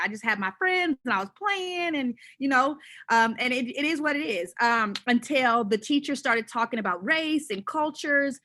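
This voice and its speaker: Bright-voiced woman telling a personal story. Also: high-pitched, moderate pace. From Southern California. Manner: animated, conversational, with many fillers and restarts. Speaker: panelist.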